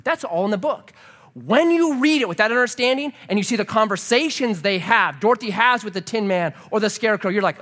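A man preaching a sermon in church, animated and humorous, asking the congregation rhetorical questions. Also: sits high, brisk. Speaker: pastor.

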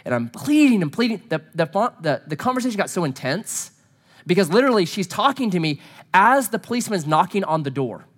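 A married man telling a personal story in a sermon to a gathering. He speaks earnestly, dropping to hushed low tones and then building to emphatic pleas. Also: big pitch swings, fairly quick. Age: adult, married.

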